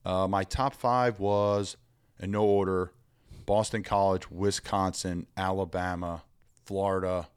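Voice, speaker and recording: A young adult man, a pro football player, telling stories as a guest in an energetic, rambling way and acting out the voices he quotes. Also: sits low, a little slow, clear, resonant tone, dry recording, studio quality. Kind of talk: animated storytelling conversation.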